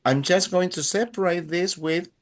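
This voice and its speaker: A man's voice: high-pitched, normal speed. Man teaching a pronunciation drill. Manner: patient, prompting repetition. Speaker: Spanish teacher.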